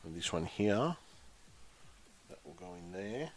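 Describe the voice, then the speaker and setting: A man's voice: low voice, very animated, measured pace, a little mellow, slight background noise. A man hosting a casual live stream, chatty and muttering to himself while concentrating on a build.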